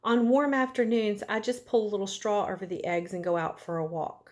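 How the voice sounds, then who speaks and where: A woman's voice: medium pitch, steady tone, brisk, darkish tone, lightly acted. A woman voicing a chatty mother goose who repeats her words, in a storybook read aloud.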